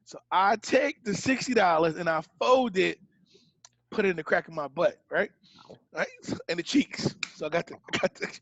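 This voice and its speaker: A man in his thirties, a podcast co-host, telling an animated story in a casual chat and acting out the people in it. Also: high-pitched, moderate pace. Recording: muffled dry home podcast audio.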